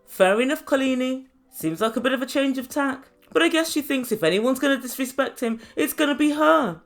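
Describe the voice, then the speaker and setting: A woman's voice: sits high, lively intonation, brisk, few pauses. Wry woman recapping reality TV. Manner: wry, chatty, sarcastic asides. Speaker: reality TV reviewer. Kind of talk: casual recap commentary.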